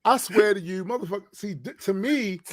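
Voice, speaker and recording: A man's voice: high-pitched, fairly quick. A man co-hosting a podcast in casual chat, emphatic and profane. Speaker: podcast co-host.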